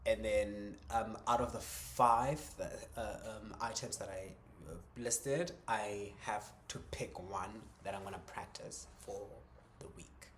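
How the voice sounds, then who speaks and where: A man talking through a personal creative journal in a reflective vlog, hesitant, with many ums, restarts and soft chuckles. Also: on the low side, a little hiss or hum. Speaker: vlogger.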